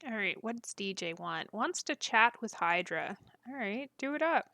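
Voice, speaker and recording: Woman, live streamer, giggly, jokey, mid-pitched voice, dry close sound. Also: animated, normal speed, gravelly, pushed and bright, dry recording. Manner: giggly, breaks into frequent laughter; chatty, jokey, talks to her chat. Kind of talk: casual live-stream chat while gaming.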